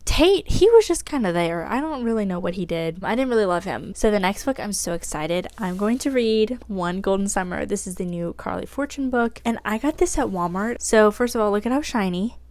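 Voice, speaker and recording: A woman's voice: medium pitch, a little fast, hardly any pauses. Gushing young woman book vlogger. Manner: gushing and excitable, gasps and laughs. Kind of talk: casual reading vlog. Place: home at night.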